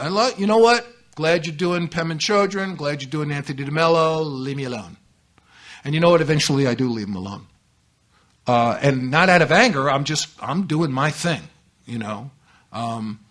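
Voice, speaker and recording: Husky man giving candid recovery testimony. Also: on the high side, moderate pace. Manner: candid, self-mocking, with animated outbursts. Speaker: recovery meeting speaker. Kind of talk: personal testimony talk to a live meeting.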